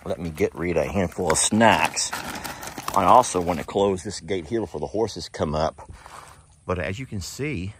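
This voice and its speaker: Deep voiced guy vlogging from his pasture, folksy and chatty, talks to the animals. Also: moderate pace, a little hiss or hum. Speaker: animal sanctuary owner. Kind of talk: casual vlog narration. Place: outdoors in a pasture.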